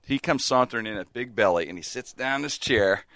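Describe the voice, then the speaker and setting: A man's voice: medium pitch, a little fast, no room sound, clean studio sound. A man casually telling a funny anecdote, acting out the people in it and laughing often. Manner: animated, laughs a lot, acts out quotes. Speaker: storyteller in a chat.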